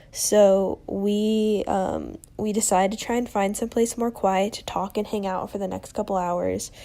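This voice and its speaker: Young adult female podcast host, chatty storyteller, mellow and slightly gravelly. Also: mid-range voice. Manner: chatty, lots of "like" and "um", animated quoting. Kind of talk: casual storytelling.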